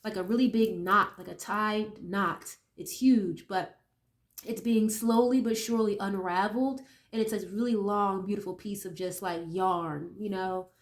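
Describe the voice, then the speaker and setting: A woman's voice: mid-range voice, steady tone, unhurried. A woman with a nasal voice from a cold, chatting casually as she reads tarot cards for viewers, thinking aloud with many tag questions. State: getting over a cold. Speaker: tarot reader.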